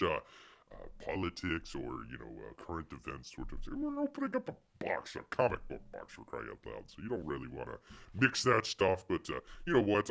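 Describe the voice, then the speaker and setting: Man, stream host, gravelly low voice, rambling jokey patter. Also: a bit bright. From Florida, USA. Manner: rambling, jokey, refers to himself in third person. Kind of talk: casual live stream chat.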